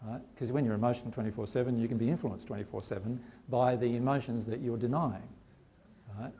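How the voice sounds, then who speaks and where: A man's voice: mid-range voice, dark tone. A man giving an earnest seminar talk to a live audience, often checking in with "right?". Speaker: spiritual teacher.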